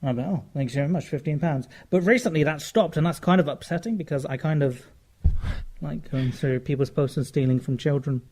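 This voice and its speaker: British male podcast co-host, higher voice, crude rambling humour. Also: fairly quick, darkish tone. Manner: rambling, self-mocking anecdotes with crude jokes. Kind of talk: casual comedy chat.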